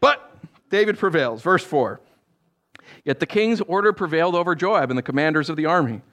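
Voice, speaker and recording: A male pastor preaching a sermon, reading Bible verses and cracking jokes in animated asides. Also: a little high, brisk.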